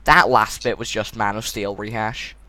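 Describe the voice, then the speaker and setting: A man's voice: on the low side, fairly even intonation, normal speed, sharp tone, no echo. A man reviewing a film in casual chat. He is blunt and mocking, and he steers the discussion.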